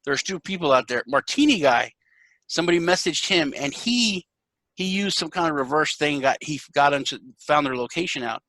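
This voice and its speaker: A man hosting a casual podcast chat, telling lively stories, acting out the people he quotes and swearing freely. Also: fairly high pitch, normal speed, rough recording. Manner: animated storyteller, acts out quotes, swears freely. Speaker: podcast host.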